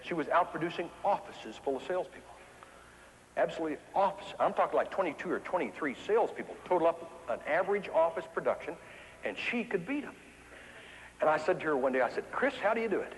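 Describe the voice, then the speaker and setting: A man from the Ozarks, giving an animated, folksy keynote speech to an audience in a large hall. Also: a little high, fast, slight background noise. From Ozarks, USA. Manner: folksy, animated storytelling with repetition for emphasis. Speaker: motivational speaker. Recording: echoey hall with long reverb.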